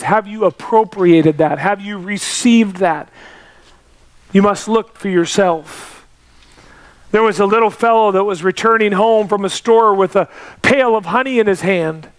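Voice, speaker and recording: A man preaching a sermon as pastor, telling stories and pressing each point with repetition. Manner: emphatic preaching with repetition and rising pitch.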